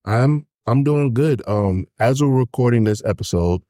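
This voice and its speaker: A man's voice: medium pitch, animated, normal speed, warm tone, no echo, clean studio sound. A man co-hosting a hip hop album podcast, chatting casually and telling stories with a laid-back manner. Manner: laid-back, storytelling with laughs. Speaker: podcast co-host. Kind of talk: casual chat.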